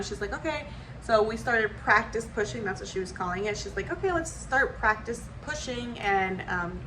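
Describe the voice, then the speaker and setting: A young woman vlogger telling a personal story in a casual, animated way, acting out what people said and leaning on "like" a lot. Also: medium pitch, noisy background. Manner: animated, acts out quotes, frequent "like".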